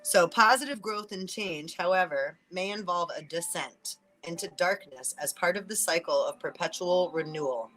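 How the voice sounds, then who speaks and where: A woman hosting a casual spiritual reading, chatting and laughing between thoughts, swearing casually and slowing down to read card messages aloud. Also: fairly low pitch, fairly bright tone, faint music behind, low-quality recording. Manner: reads oracle card messages aloud slowly. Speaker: spiritual reader and channel host.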